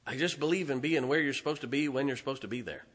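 Middle-aged guy preaching, bright sharp voice, folksy and funny, gets loud then quiet. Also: medium pitch, quick pace. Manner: folksy, humorous storytelling with swings in volume. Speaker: pastor. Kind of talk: sermon.

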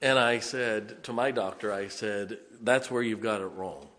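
A man's voice: fairly low pitch, a little slow, a bit bright. A man preaching a sermon as pastor, moving from folksy storytelling to emphatic preaching. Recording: long church reverb.

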